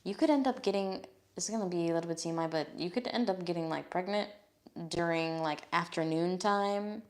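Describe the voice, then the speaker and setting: A tarot reader with a fairly low pitch talks briskly during a live reading. She keeps things casual and blunt, swears freely, and voices each card's message steadily.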